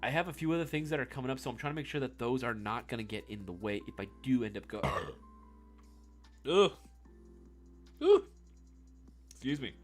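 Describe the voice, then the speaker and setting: A man in his thirties chatting casually on a live stream, reading the chat, laughing often and calling people "bro" and "dude.". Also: mid-range voice.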